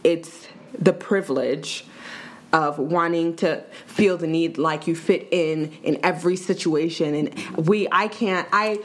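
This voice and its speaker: A young woman co-hosting a casual podcast, telling a story in a measured way with frequent pauses and ums. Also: low voice. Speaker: podcast co-host.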